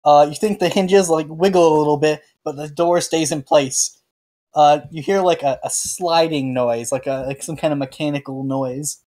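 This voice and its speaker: A man narrating as game master of a tabletop game, halting and full of fillers. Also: a little high, fairly even intonation, mellow.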